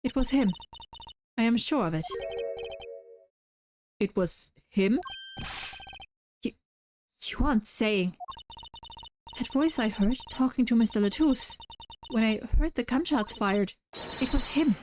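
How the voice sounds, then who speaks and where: A woman with a German accent reading the lines of a shaken, soft-spoken young female witness in a halting, earnest way. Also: on the high side, expressive, over music, natural voice.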